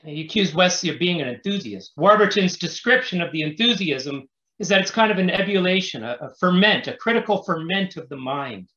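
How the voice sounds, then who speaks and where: A pastor presenting an academic paper, reading his prepared text in a measured, scholarly way. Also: sits high, animated, sharp tone, echoey room, muffled recording. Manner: measured, scholarly delivery with occasional restarts.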